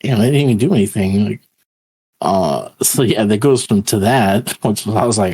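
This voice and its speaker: A man's voice: on the low side, lively intonation, moderate pace, mellow, husky. A man co-hosting a podcast, chatting loosely and profanely, retelling scenes with a laugh. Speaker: podcast co-host. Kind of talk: casual chat.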